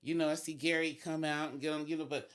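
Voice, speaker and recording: A man on a podcast in casual chat, excitedly recounting a memory with lots of fillers. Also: fairly high pitch, quick pace, clean tone. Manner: excited recounting, many fillers like "you know".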